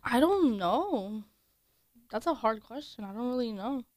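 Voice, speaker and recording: A woman's voice: fairly high pitch, expressive, a little slow, darkish tone, dry recording, clean studio sound. A woman co-hosting a casual chat, talking hesitantly with many restarts and ums. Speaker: podcast co-host.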